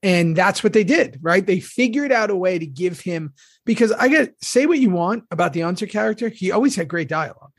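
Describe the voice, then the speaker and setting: A man's voice: high-pitched, expressive, a little fast, breathy edge, no echo, studio quality. A man co-hosting a podcast, chatting casually and telling stories from his past work, with the odd swear. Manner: conversational, storytelling, swears casually. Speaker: podcast co-host, former cast member.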